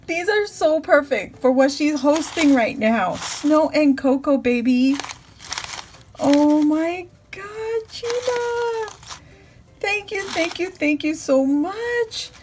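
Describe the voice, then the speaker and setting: A woman's voice: sits high, lively intonation, slow, a little hiss or hum. A woman vlogger opening and gushing over handmade birthday crafts for her viewers, talking casually and laughing often. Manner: gushing, squealing with delight, lots of laughter. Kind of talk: casual unboxing chat to viewers. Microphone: phone camera.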